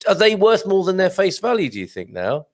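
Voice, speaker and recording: A man hosts a relaxed live show in a chatty, jokey way, with a mid-pitched voice that rises and falls a great deal. He reads viewers' comments aloud and banters with his guest. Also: brisk. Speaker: host. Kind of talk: casual live-stream chat.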